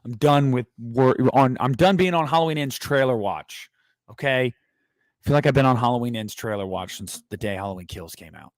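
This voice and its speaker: A man hosting a casual movie news livestream who rambles and jokes crudely in an animated way. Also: mid-range voice, normal speed, no echo, clean studio sound. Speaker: host of a movie news stream.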